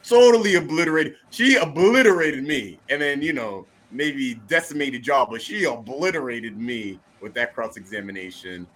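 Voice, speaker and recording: A man's voice: medium pitch, animated, moderate pace, hardly any pauses, fairly bright tone. A man co-hosting a podcast in casual chat, laid-back and joking, often repeating his phrases. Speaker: podcast co-host.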